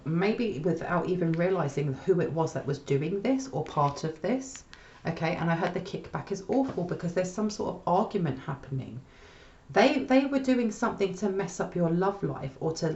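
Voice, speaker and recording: A woman's voice: fairly low pitch, a little mellow, echoey room, lo-fi sound. A woman giving a casual spoken tarot reading, chatty and often checking in with "okay?". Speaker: tarot reader.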